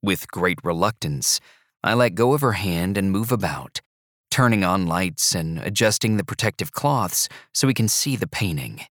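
A man narrating an audiobook in the first person, with a measured, even storytelling delivery. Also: low-pitched, dry recording, clean studio sound.

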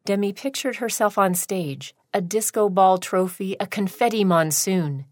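A woman reads a story aloud at a slow, unhurried pace. Her voice sits in the middle range. The sound is dry and close, with no room echo. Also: medium pitch, a little mellow. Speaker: narrator. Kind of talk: storybook reading.

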